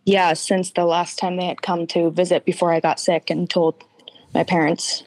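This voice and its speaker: A woman's voice: lowish voice, level tone, normal speed, darkish tone, dry recording. A woman guest giving a candid, emotional personal account in an interview, tearful at times.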